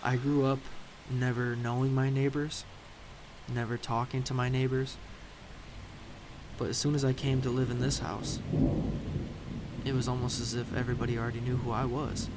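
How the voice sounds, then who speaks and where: A man narrating a slow, spooky story video in a halting, hesitant way, often repeating himself. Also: mid-range voice, little pitch movement, very noisy. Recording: loud rain and thunder ambience under the voice.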